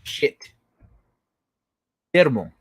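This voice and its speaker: A man's voice: drawn-out words, no room sound. A man hosting a casual livestream, rambling through tangents, reading chat comments aloud, laughing often and swearing freely. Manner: rambling, with frequent fillers and tangents. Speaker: livestream host.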